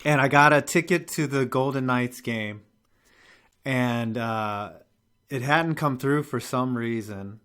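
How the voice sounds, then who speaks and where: A man's voice: medium pitch, slow, clean tone. A young man hosting a live show, telling a rambling story in casual, profane chat. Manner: animated, profane, rambling with restarts and laughs.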